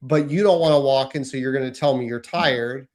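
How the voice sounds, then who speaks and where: A man in his thirties with an American accent, co-hosting a casual podcast and telling animated stories about his kids. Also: medium pitch, a little fast. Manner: animated storytelling, acts out his kids' lines. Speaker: podcast co-host. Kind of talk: casual chat.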